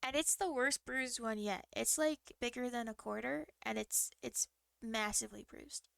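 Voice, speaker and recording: A young woman streamer telling a long story in a rambling, halting way, often restarting her sentences. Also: fairly high pitch, vocal fry, a bit bright, no echo. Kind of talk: casual storytelling to a live stream.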